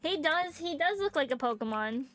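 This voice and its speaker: High-voiced woman streamer, animated. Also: moderate pace, soft background music. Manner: animated, chatty, laughing, fixes her own slips. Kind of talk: casual gaming commentary.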